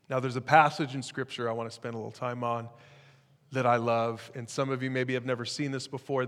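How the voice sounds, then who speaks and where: A man preaching a sermon as pastor, in a lively, conversational way with jokes. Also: medium pitch, long reverb tail.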